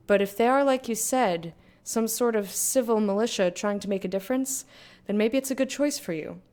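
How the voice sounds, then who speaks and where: A woman's voice: a little high, darkish tone, natural voice. A woman reading a letter aloud in a put-on British accent as a blunt, chatty young working-class woman writing to her sister.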